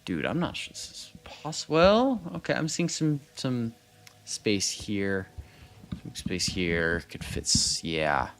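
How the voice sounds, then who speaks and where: The streamer's voice is on the low side, sing-song and a bit bright, and he speaks slowly. While playing a building game he chats casually and thinks aloud, trailing off, restarting, counting under his breath, and replying to viewers.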